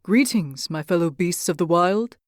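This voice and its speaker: A woman's voice: on the low side, expressive, moderate pace, no echo, clean studio sound, close to an everyday voice. A woman voicing a grand male plains beast who addresses the forest animals in formal, stately words, read as a storybook. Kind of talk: storybook reading.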